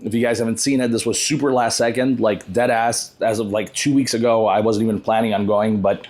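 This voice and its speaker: A man's voice: fairly low pitch, level tone, a little fast, a little mellow. Joking, profane young guy on a podcast. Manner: loose, joking and profane, laughs often. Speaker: podcast host. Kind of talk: casual podcast chat.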